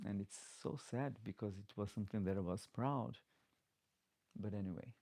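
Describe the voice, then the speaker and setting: Through a desk microphone, a middle-aged man performing in drag runs a casual live Q&A, reading out viewer comments in slightly broken English and restarting often. His voice is lowish, creaky and dark, at normal speed, and the recording is dry.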